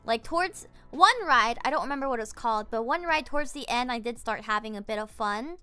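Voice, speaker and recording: A woman's voice: a little high, lively intonation, brisk, bright, forceful tone, clean tone, faint music behind. A woman streamer chatting casually from her home setup, rambling and giggling with lots of fillers.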